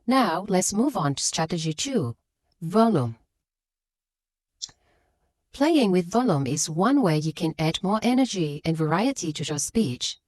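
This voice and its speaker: In a scripted English lesson, a woman speaks at a moderate pace with few pauses, using a fairly low, highly lively voice and heavy stress on key words. The sound is close and dry, free of room sound.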